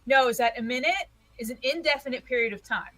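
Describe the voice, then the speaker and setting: A woman's voice: a little high, brisk, fairly bright tone, rough recording. A woman from the American South chatting casually on a livestream as co-host, laughing easily.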